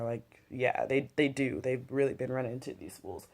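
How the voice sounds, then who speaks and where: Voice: medium pitch, measured pace, dark tone. A host reviewing a TV episode in casual chat, loose and slangy, full of "like" and "you know" and some swearing, with a drink and a smoke at home. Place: home, smoking and drinking while talking.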